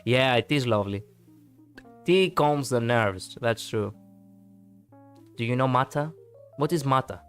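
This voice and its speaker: A man's voice: medium pitch, a bit bright. Chatty Greek-accented male streamer. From Greece. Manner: rambling, frequent fillers and restarts, laughs easily. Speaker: live streamer. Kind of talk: casual chat with viewers.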